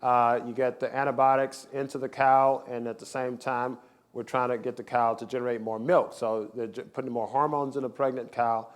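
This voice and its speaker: A male doctor delivering a symposium lecture. His voice sits at an ordinary middle pitch. He hammers his points home with repetition and rhetorical questions. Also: little pitch movement, moderate pace. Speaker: physician giving a lecture. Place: lecture hall with slides.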